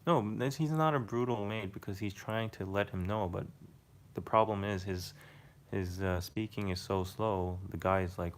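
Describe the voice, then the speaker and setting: Laid-back young man, low voice. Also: moderate pace. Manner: loose, rambling, filler-heavy storytelling with laughs. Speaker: livestream host. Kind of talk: casual late-night livestream chat.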